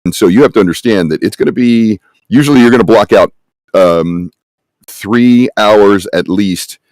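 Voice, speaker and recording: Low-voiced man making emphatic points. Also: normal speed, a little mellow, no room sound. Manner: emphatic, conversational, tags points with "right?". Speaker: conference panelist, game casting producer. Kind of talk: conference panel talk. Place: conference room.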